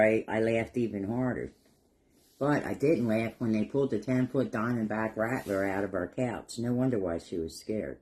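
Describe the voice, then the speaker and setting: Painting a craft project on his vlog, a middle-aged man spins rambling, folksy tales and chuckles along. He speaks in a lowish, slightly mellow voice.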